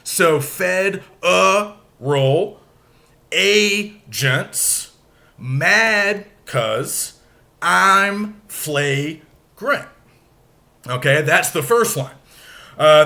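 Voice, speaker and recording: A man teaching a recorded lecture, explaining slowly and stressing syllables aloud to show the rhythm. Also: fairly high pitch, pushed and bright.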